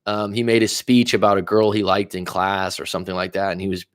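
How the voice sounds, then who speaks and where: A man's voice: deep voice, level tone, a little fast, clean tone, no echo, clean studio sound. A man, a coach, talking casually and reflectively to viewers on a livestream, wandering into asides as he thinks aloud. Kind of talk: livestream monologue.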